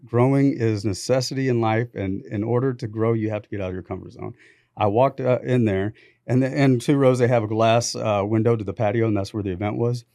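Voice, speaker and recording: A man, a podcast guest, telling lively anecdotes in a studio, acting out bits of dialogue. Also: fairly low pitch, fairly quick, dry recording. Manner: animated anecdotes with quoted dialogue. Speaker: podcast guest, business founder. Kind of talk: casual storytelling.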